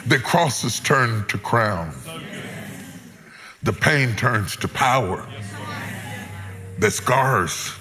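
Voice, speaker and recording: A middle-aged man preaching a sermon, moving between loud peaks and hushed lows. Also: lively intonation, very slow, pauses often, soft background music. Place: large church hall before a congregation. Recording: long hall reverb, loud crowd noise.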